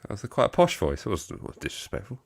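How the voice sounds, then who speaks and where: An English man co-hosts a football fan live stream, joking casually, reading chat comments aloud, chuckling, and trailing off. His lowish, creaky voice swings hugely in pitch at a quick pace, and the recording has no echo.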